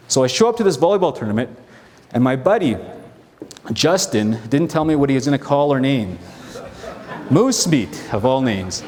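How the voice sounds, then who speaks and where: A man's voice: mid-range voice, very animated, moderate pace, long pauses, a little mellow. A man giving a motivational keynote on stage, telling his story with energy, acting out both sides of conversations and asking the audience direct questions. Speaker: keynote speaker. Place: large conference hall stage. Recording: long hall reverb.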